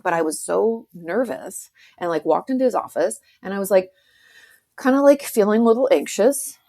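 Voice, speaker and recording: A woman's voice: medium pitch, lively intonation, normal speed, creaky, warm tone. A woman who is a guest author, talking casually in a podcast conversation, chatty with many fillers and acted-out quotes.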